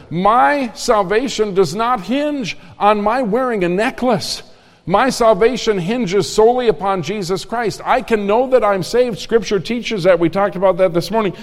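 Male pastor, earnest sermon storyteller, slightly high voice, long church reverb. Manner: earnest storytelling preacher, frank and emphatic.

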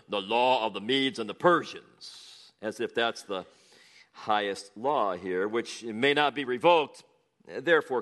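A man preaching through a scripture passage, reading it aloud with animated, chatty asides and chuckles. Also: medium pitch. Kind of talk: expository sermon reading scripture.

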